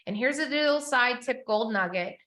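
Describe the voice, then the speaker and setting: A woman coaching business owners in a live session, chatty and animated, acting out the people she quotes. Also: on the high side, normal speed, reverberant.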